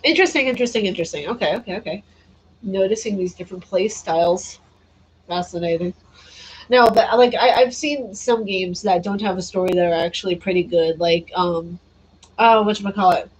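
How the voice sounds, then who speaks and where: A woman's voice: mid-range voice, a little fast, slight background noise, poor audio. Chatty woman streamer, tired. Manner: chatty, laughs often, answers chat comments. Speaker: gaming streamer. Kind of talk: casual livestream chat.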